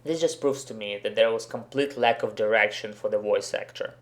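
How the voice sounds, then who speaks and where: A man's voice: on the low side, fairly quick, a bit bright. A man hosting a commentary video, giving a blunt, sarcastic and profane critique. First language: Russian. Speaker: host, professional interpreter.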